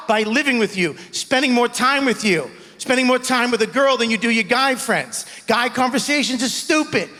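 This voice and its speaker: A young man performing a stand-up set on stage, animated, shouting punchlines and acting out voices. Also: very high-pitched. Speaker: stand-up comedian. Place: comedy club stage before a live audience. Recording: live stage audio with long hall reverb.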